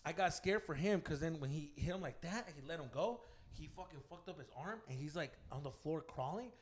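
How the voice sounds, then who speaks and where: A man on a podcast, telling a fight story in casual, profane talk, mixing in Spanish slang and loudly acting out the people in it. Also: on the high side, fairly quick. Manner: animated, profane, mixes Spanish slang, acts out voices loudly. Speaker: podcast co-host. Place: green room of a comedy club.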